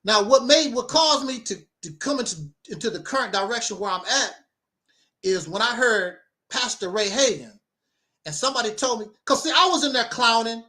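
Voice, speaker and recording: A man's voice: very high voice, animated, normal speed, pushed and bright. A man telling a personal story in casual conversation, rambling and repeating his phrases. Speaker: guest sharing his story.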